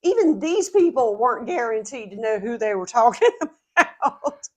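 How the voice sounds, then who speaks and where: A woman's voice: on the high side, very animated, normal speed. A woman co-hosting a casual group Bible study, chatty and often laughing, with frequent restarts.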